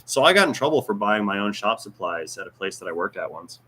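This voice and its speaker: A man's voice: on the low side, very animated, fast talker, pushed and bright, slight background noise. A man with a Floridian Southern accent, a mechanic hosting a casual Q&A and chatting in a rambling, joking way. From American South. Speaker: mechanic and channel host. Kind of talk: casual livestream Q&A chat.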